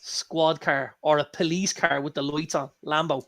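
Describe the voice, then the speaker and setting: Irish guy on a chat stream, bit gravelly, fairly high voice, tells stories and swears a lot. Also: normal speed. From Ireland. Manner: lively anecdote-telling, swears freely. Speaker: co-host. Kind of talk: casual chat.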